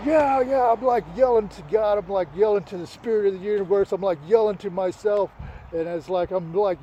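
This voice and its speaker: High-voiced man telling a wild story. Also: a little hiss or hum. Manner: excited, profane, repeats sound words like boom and bam. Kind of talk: emotional personal storytelling.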